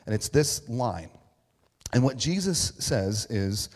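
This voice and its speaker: Man, pastor, conversational sermon, jokey, acts out voices, mid-pitched, long hall reverb. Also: sing-song, slow pace, a little mellow. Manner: casual, joking, acts out voices of characters. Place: church sanctuary.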